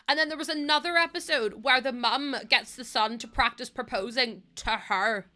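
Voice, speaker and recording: Bright-voiced chatty young woman streamer. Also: fairly high pitch, normal speed. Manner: chatty, laughs often, swears freely. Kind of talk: casual chat while gaming.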